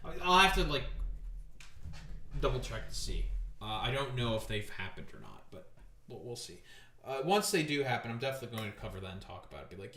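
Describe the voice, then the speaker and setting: Casting: guy streamer, bright forceful voice, profane and sarcastic, roomy sound. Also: mid-range voice, animated, a little fast. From Canada. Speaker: streamer host. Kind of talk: casual political commentary. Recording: roomy echo.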